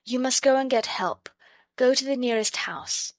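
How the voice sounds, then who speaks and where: A woman voicing a gentle, sensible eldest sister in a storybook reading. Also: a little high, normal speed, gravelly, no room sound, voice pushed up. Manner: gentle, practical.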